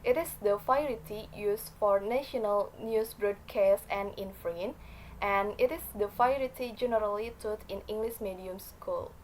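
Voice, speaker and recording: A woman gives a class presentation in a middle-pitched voice, reading from her notes. She pauses on fillers and corrects small slips as she goes, with faint noise behind her. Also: poor audio.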